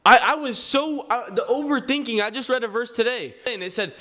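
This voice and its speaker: A man's voice: very high-pitched, fairly quick, sharp tone. A nineteen-year-old man talking to the camera in an earnest, preachy way about his faith, often repeating words and restarting sentences as he addresses his viewers. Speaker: clothing brand owner and vlogger. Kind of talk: faith-driven motivational talk to camera.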